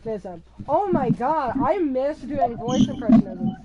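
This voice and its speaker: A woman vlogging in a casual, rambling way, hyper and excitable. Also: high-pitched, a little slow, highs cut off. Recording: loud crowd noise behind.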